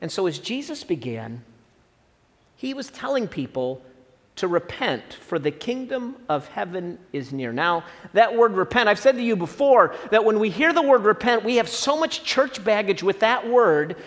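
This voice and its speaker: A middle-aged man from Southern Illinois preaching a sermon as a pastor, conversational and animated, with asides to his congregation. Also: high-pitched, moderate pace. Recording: long reverb of a hall.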